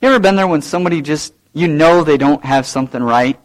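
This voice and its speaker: A male pastor preaching a sermon, swinging between loud, raised lines and low, quiet asides. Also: fast talker, poor audio.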